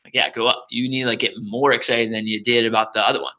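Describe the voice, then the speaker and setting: A young man walks sales reps through a training deck in loose, casual talk. He speaks fast with a bright, forceful tone and loud energy, tossing in "like" and "um" constantly. His pitch sits in the middle for a man. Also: low-quality recording. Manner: energetic and loud, says so himself, many fillers. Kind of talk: casual coaching walkthrough.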